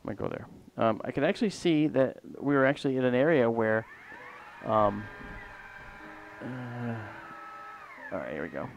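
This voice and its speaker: A man's voice: mid-range voice, lively intonation, moderate pace, pauses often, dull audio, a little hiss or hum. A man hosting a livestream and telling a long personal story in a casual, rambling way that often trails off mid-sentence. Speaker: livestream host.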